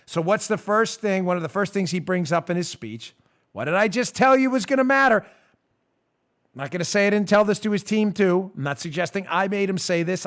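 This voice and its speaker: A man hosting a political talk show, giving an emphatic, animated monologue and often laughing and bantering with his producer. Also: sits high. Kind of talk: opinionated monologue.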